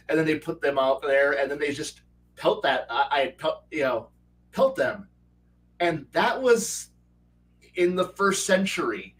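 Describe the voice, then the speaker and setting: A man hosting a casual chat about tabletop game design, animated and laughing, acting out quoted voices and swearing now and then. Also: fairly high pitch, a little slow, distant mic, low-quality recording. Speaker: host. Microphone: video call.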